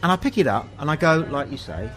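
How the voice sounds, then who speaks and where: Animated English man telling pub anecdotes. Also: on the high side, fast, soft background music, rough recording. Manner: animated anecdotes, acts out dialogue. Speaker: host. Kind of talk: pub chat storytelling.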